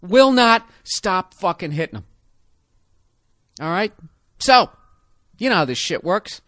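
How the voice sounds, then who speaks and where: A man telling a comic story as a profane rant, animated and full of sound effects. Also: high-pitched, slow pace, dry recording, clean studio sound.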